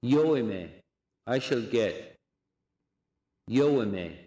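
A man giving a recorded language lesson, saying phrases slowly and repeating each one for drilling. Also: mid-range voice, lively intonation, dark tone, echoey room. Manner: slow, deliberate drilling of phrases with repetition. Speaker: language teacher.

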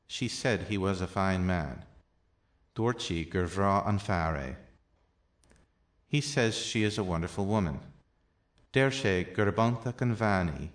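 A man teaching a language lesson, reading short phrases in two languages one after another in a measured way. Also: deep voice.

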